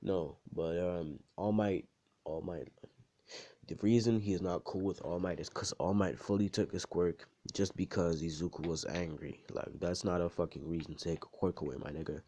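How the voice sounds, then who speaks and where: On a dull, lo-fi home recording, a young man improvises a rambling fan story laced with profanity, slang and filler. His voice is deep and warm, with fairly even intonation and a moderate pace.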